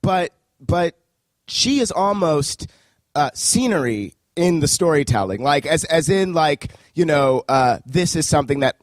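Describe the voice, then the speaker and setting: A man's voice: a little high, lively intonation, a little slow, no echo. A man co-hosting a live podcast discussion of a film, asking probing, analytical questions. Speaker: podcast co-host.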